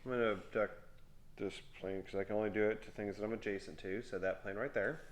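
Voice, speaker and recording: A middle-aged man at home playing a tabletop game with his son, calling out his moves and counting dice aloud in a quiet mutter. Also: lowish voice, steady tone, quick pace. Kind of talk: casual tabletop game play.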